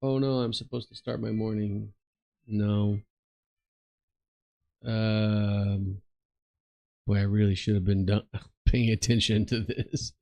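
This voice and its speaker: A man's voice: on the low side, flat delivery, slow pace, creaky, pauses often, warm tone, no echo. A man giving casual, rambling commentary while playing a game, swearing offhandedly. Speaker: gaming streamer and commentator.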